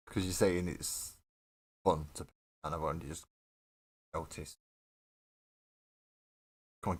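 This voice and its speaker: A man chatting casually on a live stream while he builds a miniature model, rambling, mocking himself and swearing freely. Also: deep voice. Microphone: desk webcam setup.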